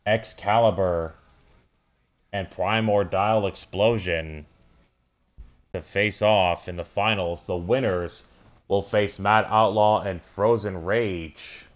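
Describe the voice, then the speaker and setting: A man giving excited play-by-play commentary over a wrestling video game, breaking into startled exclamations and stumbling over restarts. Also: low-pitched, slow pace.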